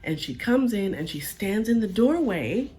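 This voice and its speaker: Speaking at a medium pitch and a slightly slow pace, a woman shares a personal story in a casual, chatty, animated way. She keeps checking in with the listener, asking "right?" and "okay?". Faint music plays in the background.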